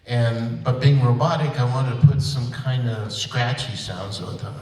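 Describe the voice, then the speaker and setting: A man's voice: mid-range voice, moderate pace, noisy background. An older man, a voice actor on a convention panel, telling stories in a rambling, playful, self-deprecating way. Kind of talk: storytelling panel talk. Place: convention auditorium. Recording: echoey auditorium, distant mic.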